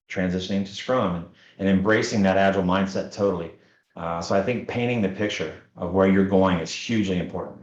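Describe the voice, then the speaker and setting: A man with a fairly low voice, talking casually as a scrum master. His delivery rambles and restarts in a folksy way. The sound is roomy and echoey, and slightly dull and lo-fi. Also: a little mellow. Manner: rambling, self-interrupting, folksy. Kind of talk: casual conversation.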